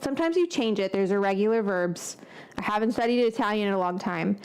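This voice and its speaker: A woman's voice: medium pitch, clear, resonant tone. A woman hosting a casual cooking vlog, rambling and thinking aloud as she chats. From United States. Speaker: cooking show host.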